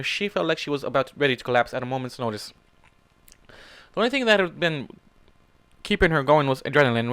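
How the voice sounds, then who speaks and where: A man's voice: mid-range voice, a bit bright, clean tone, no room sound. A man reading fan fiction aloud in a casual way, stopping to react and swear at the story. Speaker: fanfic reader.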